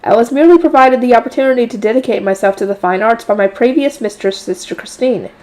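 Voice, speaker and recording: A woman voicing a gentle, polite young female shrine attendant in a light novel read-aloud. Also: a little high, quick pace, lightly acted. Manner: polite and soft-spoken.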